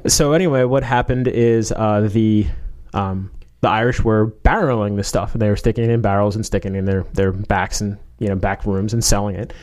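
A man's voice: on the low side, steady tone, fairly quick, few pauses, darkish tone. A man in casual chat, rambling through a story with many fillers, restarts and joking asides.

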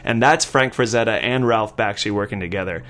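A man's voice: lowish voice, brisk, fairly bright tone. A man on a casual podcast, an enthusiastic movie nerd who talks in bursts with restarts and swearing. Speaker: podcast guest.

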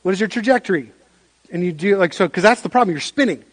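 Pastor, male, higher voice, animated sermon delivery, repeats and restarts phrases. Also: quick pace. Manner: animated storytelling with frequent restarts.

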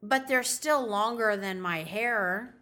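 A woman's voice: medium pitch, slow. A woman co-hosting a podcast, chatting casually and telling stories with quoted back-and-forth. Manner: chatty, animated storytelling with quoted dialogue. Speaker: podcast co-host. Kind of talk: casual chat.

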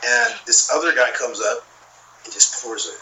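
A man's voice: mid-range voice, normal speed, bright, forceful tone, recorded from a distance, a little hiss or hum, low-quality recording. A man telling a long, rambling story in casual chat, with plenty of swearing and filler. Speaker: podcast guest.

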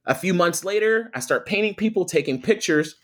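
A young adult man, a guest telling a personal story with lively quoted voices. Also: sits high, brisk. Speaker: guest, photographer and attorney. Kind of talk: storytelling in a podcast interview.

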